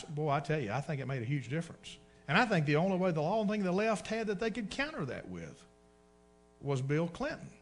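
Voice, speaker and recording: A man's voice: a little high, a bit bright. A man preaching a sermon, telling folksy stories, using dialect and dragging out words for emphasis. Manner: folksy storytelling, dialect double negatives.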